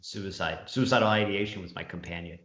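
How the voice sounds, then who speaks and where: A man's voice: sits low, fairly quick. Profane rambling man telling stories. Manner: profane, rambling, animated storyteller. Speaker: podcast co-host. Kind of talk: casual storytelling chat. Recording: roomy, dull lo-fi sound.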